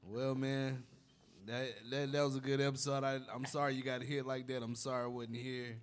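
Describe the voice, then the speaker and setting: A man co-hosting a podcast, making halting, joking remarks full of fillers. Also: mid-range voice, flat delivery. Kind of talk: casual podcast banter.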